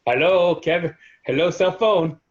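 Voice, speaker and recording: Man playing a haughty French vampire heir, halting speech, muffled lo-fi line, tabletop game. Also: fairly high pitch, voice pushed up, close to an everyday voice. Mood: pompous. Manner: halting, pompous, fake-French phrasing. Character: proud young male vampire heir, pompous.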